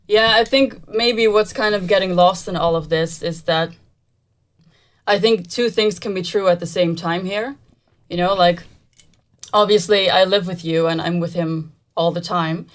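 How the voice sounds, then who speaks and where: A woman from the Netherlands, a native Dutch speaker whose English has an American-trained sound with a slight Dutch accent, co-hosting a casual livestream and hedging often. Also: fairly low pitch. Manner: soft-spoken, hedging with "like" and "I think". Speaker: host's wife, co-host.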